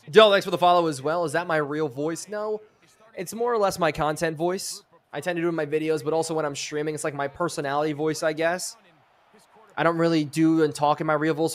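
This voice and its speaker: A man's voice: on the high side, fairly bright tone. Man calling video football like a sportscaster. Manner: sportscaster-style play calling, chatting with viewers. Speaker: streamer and host. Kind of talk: live video game play-by-play commentary.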